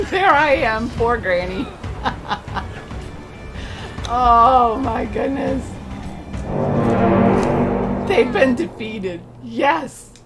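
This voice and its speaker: A woman's voice: a little high, expressive, drawn-out words, long pauses. An older woman streaming a video game, exclaiming and talking to herself as she plays. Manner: exclamatory, gasping, talks to herself. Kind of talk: excited live gameplay commentary. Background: loud game music.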